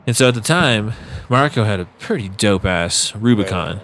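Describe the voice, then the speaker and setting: Low-voiced man telling bouncer stories. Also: normal speed, slight background noise. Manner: animated storyteller, acts out quotes, swears casually. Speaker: podcast guest, former bouncer. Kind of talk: casual late-night storytelling.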